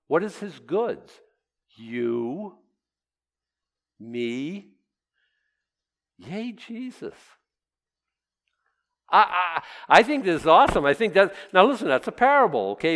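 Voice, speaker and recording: A man's voice: fairly high pitch, fairly bright tone. Preacher man in an echoing hall. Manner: conversational and emphatic, with restarts and rhetorical questions. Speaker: pastor. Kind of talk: sermon. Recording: long hall reverb.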